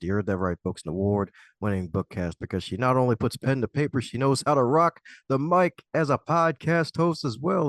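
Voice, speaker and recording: Male podcast host, playful hype-man patter, catchphrase-heavy, mid pitch, dry close sound. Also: no room sound.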